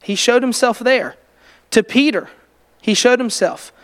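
Male preacher, high clear voice, earnest and emphatic, teaching a congregation. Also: measured pace, a bit bright. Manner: earnest, builds to emphatic rising delivery. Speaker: preacher leading a Bible study. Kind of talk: conversational sermon with congregation questions.

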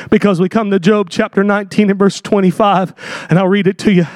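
Impassioned high-voiced male preacher. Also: fairly quick, no echo, studio quality. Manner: impassioned, rising to shouts on scripture; reads scripture in old-fashioned wording. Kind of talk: sermon.

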